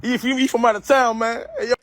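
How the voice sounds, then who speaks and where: A man's voice: extremely high pitch, little pitch movement, fast talker, a bit bright, no room sound, clean studio sound. A man with a London accent ranting to camera in an exasperated, slangy way. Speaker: social media creator. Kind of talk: comic rant to camera.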